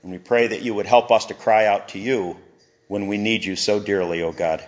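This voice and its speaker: A man's voice: fairly low pitch, steady tone, moderate pace, highs cut off. A middle-aged male pastor giving a conversational sermon, with chuckles and asides.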